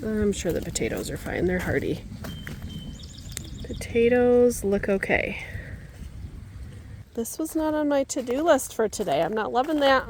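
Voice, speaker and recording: Speaking unhurriedly with long pauses, a homesteading woman records a casual handheld vlog in her garden and yard. Her darkish voice swings widely in pitch as she chats, coos to her birds in a high coaxing tone, and cries out in dismay.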